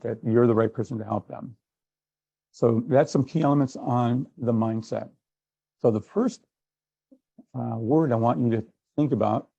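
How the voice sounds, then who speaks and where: A man's voice: mid-range voice, creaky, dark tone, slightly rough, no echo, dull audio. A man giving a sales training workshop, conversational, acting out little exchanges as he goes. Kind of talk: workshop talk.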